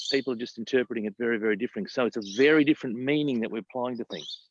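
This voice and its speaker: A man's voice: medium pitch, quick pace, dry recording, dull audio. A man coaching in casual talk, repeating phrases and asking himself questions. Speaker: mindset coach.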